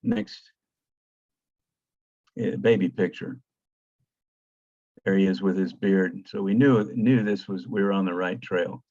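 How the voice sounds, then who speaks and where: An older man giving a slide lecture, his low voice full of ums, false starts and calls for the next slide. The sound is dull and lo-fi, very dry, with no room around it. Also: darkish tone, no echo. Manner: halting, many fillers and restarts. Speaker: guest lecturer, archaeologist. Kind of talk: slide presentation talk.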